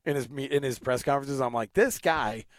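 A man co-hosting a casual sports talk show, animated and jokey, on a close studio mic. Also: mid-range voice, fast, no room sound. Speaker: sports radio co-host.

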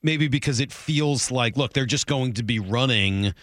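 A man's voice: mid-range voice, moderate pace, a bit bright, no echo, studio quality. A man in his thirties hosting sports talk radio, asking questions in a conversational way.

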